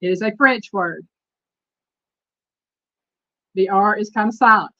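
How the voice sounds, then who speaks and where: A woman's voice: mid-range voice, measured pace, bright, forceful tone, no echo, lo-fi sound. A woman with a Southern Texas accent hosting a live stream, chatting casually and reading trivia questions aloud to her viewers. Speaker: host.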